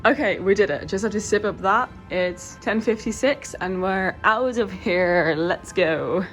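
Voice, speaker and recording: A woman's voice: mid-range voice, unhurried. A woman in her twenties chatting through a casual travel vlog, saying "like" a lot, filmed on a handheld phone. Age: 20s. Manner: chatty, peppers speech with "like". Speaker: travel vlogger. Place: theme park, hotel room and car. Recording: loud theme-park crowd and music.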